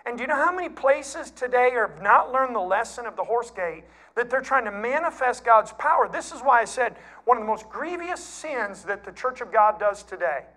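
High-voiced, folksy preacher. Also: male voice. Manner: folksy, animated storytelling preacher. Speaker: pastor. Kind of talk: sermon.

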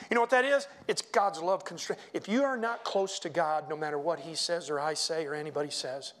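High-voiced preaching man, hushed to loud. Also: fairly quick, slight background noise. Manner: preaching with swings from hushed to loud, chanting hymn lines. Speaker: pastor. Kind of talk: sermon. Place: church.

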